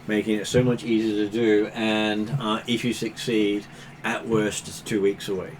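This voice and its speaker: A man's voice: lowish voice, little pitch movement, moderate pace, a little hiss or hum. A man acting as game master, patiently explaining rules with fillers in a tabletop game session. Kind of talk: running a tabletop game over voice chat.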